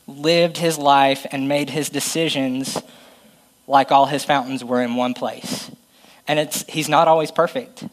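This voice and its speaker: A man's voice: a little high, low-quality recording. A man preaching a conversational, self-deprecating sermon and reading Bible passages aloud.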